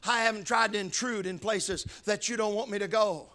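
A man preaching a sermon, swinging between loud shouted emphasis and hushed, low passages. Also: brisk.

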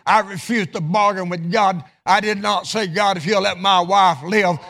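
A middle-aged man preaching a sermon in a church, with chanted, sung-out phrases, then falling to a hushed voice in prayer. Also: sits high, steady tone, normal speed. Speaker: pastor. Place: church sanctuary.

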